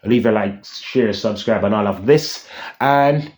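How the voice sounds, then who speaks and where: A man's voice: lowish voice, a little slow, darkish tone. A man hosting a casual vlog rant, rambling and repeating himself, often tagging lines with "yeah?" and humming dramatic sound cues. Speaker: channel host.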